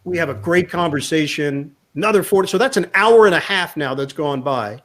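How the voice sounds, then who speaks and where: A man with a slightly raised pitch tells a story in a chatty interview. He keeps it lively, slipping into the voices of the people he quotes. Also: fairly quick. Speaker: sportscaster guest. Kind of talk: storytelling anecdote in a chat.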